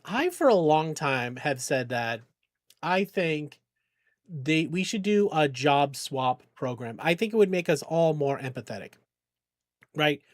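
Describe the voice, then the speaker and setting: Casual male game streamer, fairly high voice, rambling, swears under frustration, close dry sound. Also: very animated, unhurried, no room sound. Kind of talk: casual live-stream chat while gaming.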